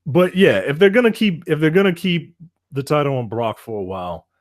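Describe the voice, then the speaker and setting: A man's voice: a little high, big pitch swings, brisk, no echo, studio quality. A man co-hosting a casual wrestling chat, rambling and swearing, full of "like" and "man". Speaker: wrestling podcast co-host.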